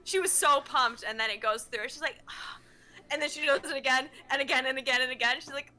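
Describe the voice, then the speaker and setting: A woman playing a tabletop game, excitable and giggly, gushing over her character. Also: high voice, fairly quick. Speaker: player. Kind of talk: tabletop game play, casual chat.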